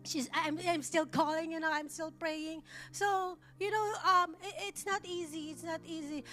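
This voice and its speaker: Very high-voiced woman preaching. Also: steady tone, bright, forceful tone, faint music behind. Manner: halting, repeats and restarts words; earnest, emotional. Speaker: church minister. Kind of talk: testimony sermon.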